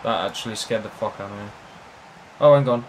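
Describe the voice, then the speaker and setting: A young man giving casual, sweary commentary over a football video game, bantering with someone beside him and shouting at big moments. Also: on the low side, fairly quick, background noise. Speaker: gaming YouTuber.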